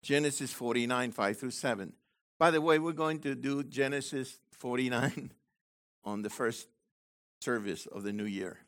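A man preaching a sermon to his congregation, swinging between loud, emphatic lines and quiet asides, with frequent digressions and restarts. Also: mid-range voice, normal speed. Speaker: messianic congregation leader.

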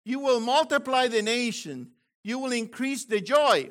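An older man delivering excited Bible teaching with a high, bright voice. He swoops all over his range and breaks into loud exclamations. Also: unhurried. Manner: exclamatory, animated, bursts of shouting. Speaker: preacher.

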